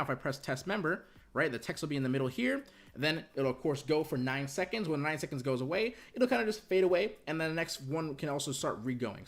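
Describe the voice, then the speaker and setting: Young male tutorial host, quick rambling delivery, a bit high, bedroom recording. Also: a bit bright. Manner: rambling, repeats "right?" and "you guys". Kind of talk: casual screen-recorded software tutorial.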